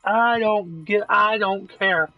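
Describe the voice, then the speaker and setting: A man's voice: high voice, takes it slowly, no echo, phone-quality sound, soft background music. A man casually talking while playing a game, earnest and reassuring, with plenty of swearing. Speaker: gameplay video creator.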